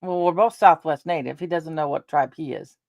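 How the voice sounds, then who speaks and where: A woman's voice: deep voice, fairly quick, gravelly, dry recording. A middle-aged woman chatting casually to her viewers, rambling through personal stories and laughing along the way. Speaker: vlogger.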